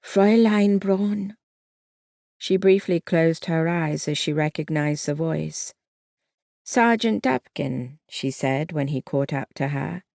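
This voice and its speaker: An audiobook narrator giving a measured, even reading of a historical novel. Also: mid-range voice, creaky, no room sound, studio quality.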